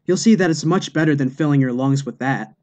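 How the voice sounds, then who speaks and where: A man voicing a prim, preachy male bunny rabbit in a joke, talking slowly and raising his pitch. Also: darkish tone, natural voice. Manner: slow and preachy.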